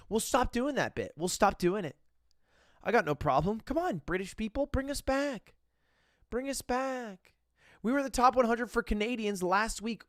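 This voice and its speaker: A man's voice: high voice, sing-song, measured pace, fairly bright tone, no echo, studio quality. A man talking casually on a livestream as a streamer and podcast host, reacting with incredulous outbursts and plenty of swearing.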